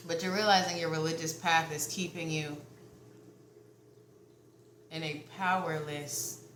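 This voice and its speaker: Chatty low-voiced woman reading tarot. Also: fairly even intonation, measured pace, fairly bright tone, echoey room, slight background noise, poor audio. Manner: chatty, often checks in with viewers; prone to giggling. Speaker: tarot card reader. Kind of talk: casual tarot reading addressed to viewers.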